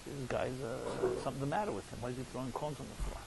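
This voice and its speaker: A man's voice: mid-range voice, fairly even intonation, fast talker, creaky, very noisy, natural voice. A man doing a scoffing skeptical husband. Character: skeptical middle-aged husband, scoffing and dismissive.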